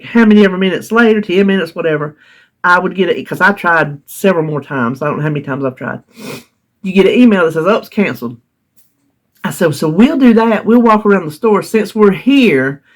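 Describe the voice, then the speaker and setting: A woman from North Carolina with a Southern US accent, casually telling a long story in her vlog, laughing often as she recounts her frustration. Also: fairly low pitch. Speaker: vlogger.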